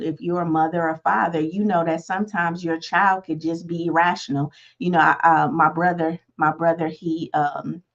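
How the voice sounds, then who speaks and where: A woman talks through a life lesson as a coach. Her delivery is loose and conversational, full of restarts and "right?" check-ins. Her voice sits fairly low, and the recording sounds dull and lo-fi. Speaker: life coach, podcast host. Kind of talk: motivational talk.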